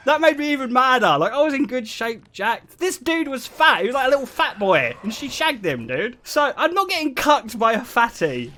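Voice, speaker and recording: A young man telling stories to his live chat, animated and self-deprecating and laughing often. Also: very high voice, moderate pace. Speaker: streamer. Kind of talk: casual storytelling to a live chat.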